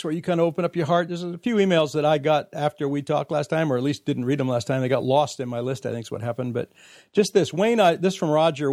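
Male podcast host, somewhat high voice, earnest and reflective, reads emails aloud, dry close mic. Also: a little mellow, no room sound. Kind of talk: casual podcast conversation.

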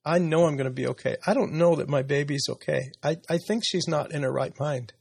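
A man in his late sixties speaks in a personal podcast conversation, his voice gravelly and slightly husky. He talks reflectively and openly, sometimes laughing softly. The sound is dry and close to the mic. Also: on the high side, fairly quick, no echo. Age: 60s. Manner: reflective, emotional, candid with soft laughs. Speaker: podcast host.

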